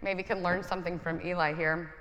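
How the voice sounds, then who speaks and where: A woman's voice: fairly low pitch, fairly even intonation, brisk, a bit bright, big-room sound, dull audio, a little hiss or hum. A woman pastor in her thirties giving a conversational sermon with self-deprecating humor.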